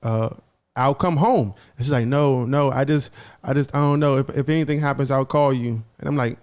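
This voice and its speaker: A young man co-hosting a podcast tells a personal story in casual talk, his mid-range voice fairly quick, a little mellow, clear and resonant. He acts out both sides of each conversation and often repeats and restarts his phrases.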